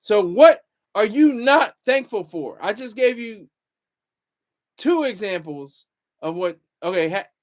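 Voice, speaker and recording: A man's voice: high-pitched, lively intonation, takes it slowly. A man hosting a casual livestream, rambling and talking back to viewer comments. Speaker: livestream host.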